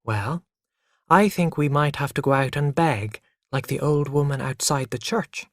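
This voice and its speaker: A gentle, patient mother speaking in a soft, hushed, soothing way, voiced by a man reading a storybook. She talks slowly and calmly. The recording is dry and close. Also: on the high side, no room sound. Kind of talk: graded reader story narration.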